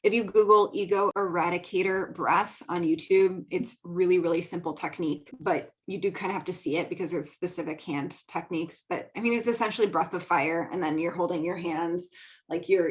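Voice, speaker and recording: Young Midwestern woman host, low-ish voice, casual and giggly, lots of fillers. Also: poor audio. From American Midwest. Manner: chatty, giggly, filler-heavy. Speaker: podcast host. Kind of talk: casual solo talk. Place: home studio.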